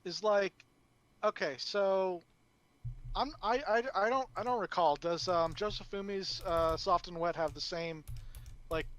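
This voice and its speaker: A man's voice: high-pitched, a little slow, a bit bright. Tentative man thinking aloud on a podcast. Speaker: podcast co-host. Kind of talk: casual chat about a comic.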